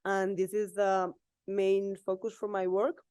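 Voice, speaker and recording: A woman from Spain with a Spanish accent, giving an unprepared, emotional acceptance speech in halting English with laughs. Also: medium pitch, flat delivery, dark tone, smooth, no echo. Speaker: award winner.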